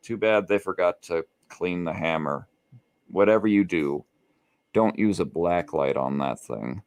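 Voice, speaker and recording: A man's voice: sits low, unhurried, a little mellow, no echo, pitched below the performer's own voice. A man putting on the voice of Thor's prim, motherly mother while he retells a cartoon episode on a podcast. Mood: mock proud.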